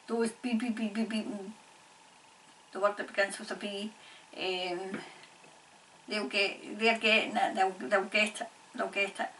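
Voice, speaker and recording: Scottish woman, halting and repetitive, faint background noise. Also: medium pitch, level tone, fairly bright tone, far from the mic, rough recording. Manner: halting, repeats phrases, laughs often. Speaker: psychic medium. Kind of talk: channelling session, casual monologue.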